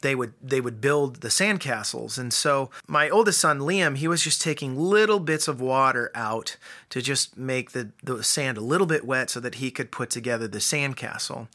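A man's voice: medium pitch, animated, moderate pace, bright, forceful tone. A man in his thirties giving an earnest devotional talk that builds to emphatic peaks. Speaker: guest speaker.

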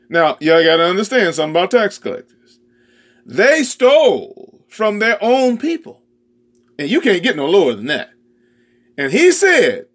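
Brief: animated male preacher, slow delivery, expressive sermon. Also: fairly high pitch. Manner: animated, exclamatory, folksy.

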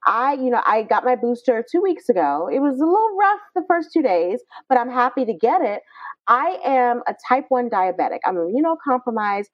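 Woman podcast co-host, lively, emphatic delivery; dry, slightly muffled sound. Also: fairly high pitch, no room sound. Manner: animated, emphatic, passionate. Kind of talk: casual panel discussion.

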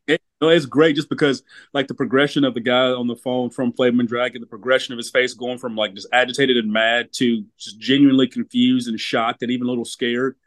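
Casual co-host reviewing a film, mid-pitch guy, rambles and repeats himself, dry close sound. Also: flat delivery, fairly quick, hardly any pauses, a bit bright, no room sound. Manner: rambling, repeats words, laughs while talking. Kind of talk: casual movie review chat.

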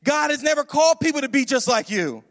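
A male pastor preaching a sermon, animated and repetitive, often calling out questions to the congregation. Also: very high-pitched, fast talker, in a large hall. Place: church.

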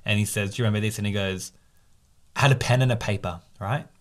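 Low-voiced man telling an animated story. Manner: animated storyteller, quick asides and reenacted quotes. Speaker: podcast co-host. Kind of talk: casual storytelling chat.

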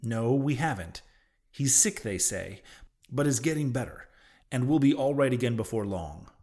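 A man's voice: medium pitch, expressive, moderate pace, darkish tone, natural voice. A man voicing an impatient young male sailor who answers in a blunt, questioning way. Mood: skeptical.

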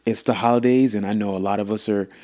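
A man hosting a podcast with his wife, chatting casually and acting out stories with lively imitated dialogue. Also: fairly low pitch, fast talker. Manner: animated storyteller, mimics dialogue loudly. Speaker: podcast host. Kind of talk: casual chat.

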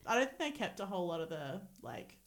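A woman co-hosting a casual chat podcast, giggly and animated. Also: on the low side, fast talker. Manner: giggly, animated, lots of laughter. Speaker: podcast co-host.

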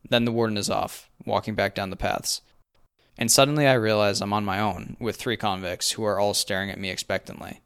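Young male narrator for a first-person story; wry, even delivery, low pitch. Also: a little fast, smooth.

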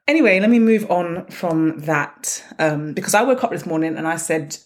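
A woman hosting her own podcast, telling stories in a blunt, sarcastic, animated way. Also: on the low side, a little slow. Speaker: podcast host. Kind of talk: casual solo podcast monologue.

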